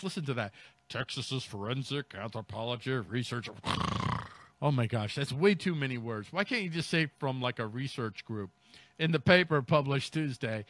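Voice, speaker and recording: A man's voice: a little high, bright, forceful tone, no room sound. A man hosting a comedy news show, reading stories aloud and mocking them with ad-libbed riffs. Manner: mocking, riffing, reads then ad-libs. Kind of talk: comic commentary on news stories.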